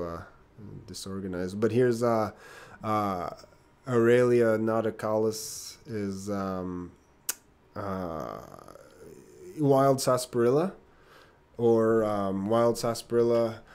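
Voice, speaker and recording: A man teaching an online lesson on plants in a casual, halting way, with many fillers, restarts and laughs. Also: medium pitch, warm tone. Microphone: computer mic.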